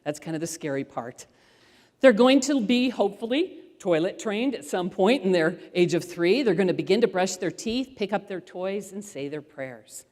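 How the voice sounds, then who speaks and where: A middle-aged woman speaker telling parenting stories to an audience, animated and acting out voices as she goes. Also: mid-range voice, moderate pace. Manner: animated storyteller who acts out voices. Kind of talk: storytelling talk to an audience. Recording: long hall reverb.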